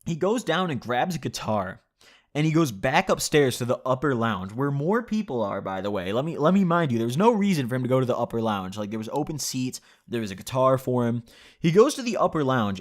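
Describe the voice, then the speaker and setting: A man's voice: mid-range voice, very animated, a little fast. A young man tells a story at a loose, easy pace. He chuckles often and swears freely, and he fills his talk with "like" and "you know". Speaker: vlogger. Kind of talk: casual storytelling.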